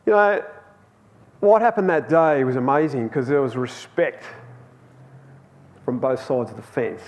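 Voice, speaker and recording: A man's voice: mid-range voice, a little mellow. A man telling a personal story in a chatty, anecdotal sermon to a youth Bible class in a church hall. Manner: chatty and anecdotal, with laughs and restarts.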